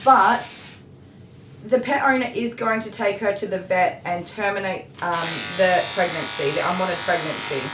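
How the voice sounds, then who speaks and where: A woman's voice: fairly low pitch, moderate pace. A woman, a dog groomer chatting casually while she grooms, getting passionate and worked up as she talks, with mild swearing. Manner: passionate, ranting, swears mildly. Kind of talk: casual chat while grooming on a live stream. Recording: echoey room with electric clipper noise.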